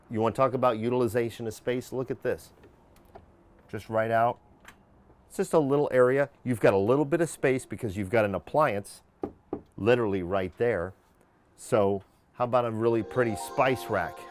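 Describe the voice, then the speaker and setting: A man hosting a sales tour of a motor coach, speaking in upbeat salesman patter and repeating his phrases. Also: lowish voice. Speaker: salesman and show host. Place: inside a luxury bus conversion coach.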